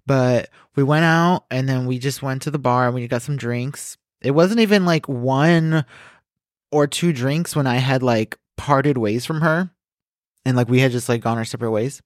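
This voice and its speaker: A man co-hosting a podcast, reading the news and telling stories in casual chat, swearing often and acting out quotes loudly. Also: medium pitch, moderate pace, no echo, clean studio sound. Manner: animated, swears a lot, acts out quotes loudly. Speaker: podcast co-host.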